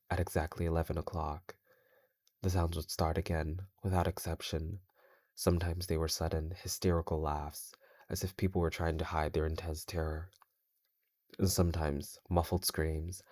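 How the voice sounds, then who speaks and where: A man hosting his channel, reading scary stories in a measured, steady way while he plays a game. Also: sits low, no echo, clean studio sound. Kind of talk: horror story reading while gaming.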